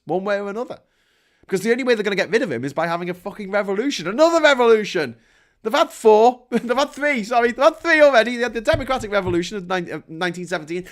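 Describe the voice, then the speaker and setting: A man with a British accent delivering a sweary, animated political rant as host, laughing between points. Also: sits high. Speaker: podcast host.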